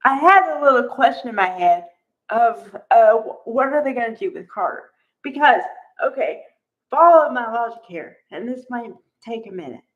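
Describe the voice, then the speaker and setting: A woman's voice: on the high side, muffled recording. A woman casually recapping a soap opera episode, chatty and exclamatory, acting out the characters' lines. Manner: chatty, exclamatory, acts out quotes.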